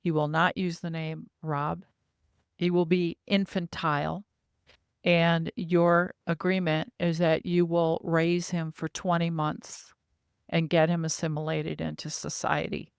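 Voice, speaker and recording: A woman voicing a calm, commanding guardian being who gives slow instructions. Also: low-pitched, vocal fry, clean tone, no echo, studio quality.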